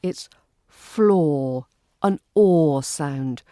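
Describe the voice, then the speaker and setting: A woman with a British accent teaching pronunciation, drilling words and phrases slowly and carefully. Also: fairly low pitch, expressive, a little mellow, no room sound, clean studio sound. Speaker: accent coach. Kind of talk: pronunciation lesson.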